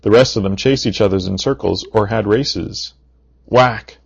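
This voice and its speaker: A low, gravelly male voice reads a children's story aloud. He slips in playful deadpan asides. The recording sounds dull and lo-fi. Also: normal speed.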